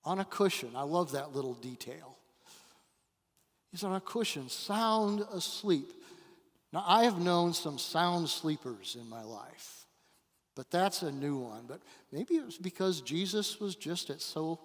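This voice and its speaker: Guest pastor, male, slow dramatic sermon delivery, slightly high voice, long church reverb. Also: expressive. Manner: dramatic storytelling with long pauses and swings in volume. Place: church sanctuary.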